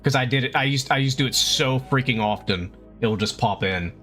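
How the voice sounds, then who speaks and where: A male streamer rambles casually to his chat while working on pixel art, laughing often and swearing freely. His voice sits at a middle pitch. Faint music plays behind him. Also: fairly quick, fairly bright tone.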